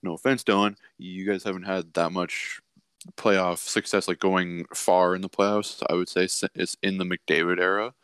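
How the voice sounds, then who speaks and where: A man in casual sports chat, ranting and mocking with quick animated bursts. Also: low-pitched, clear, resonant tone, dry recording.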